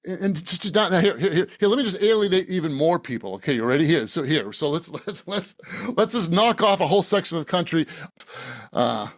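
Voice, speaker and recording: A man from Boston with a fairly high voice, talking as a guest on a podcast. He rambles from point to point, joking and laughing as he goes. The sound is dry and close, with no room in it. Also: sing-song, brisk, dry recording. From Boston, Massachusetts. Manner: rambling, joking, laughs often, frequent restarts. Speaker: author guest. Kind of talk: casual podcast interview.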